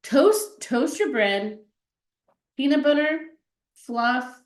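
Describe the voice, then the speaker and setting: Brief: animated, chatty female co-host with a fairly high voice, heard over a roomy video call. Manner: animated and chatty, quick to laugh. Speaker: stream co-host. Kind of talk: casual chat.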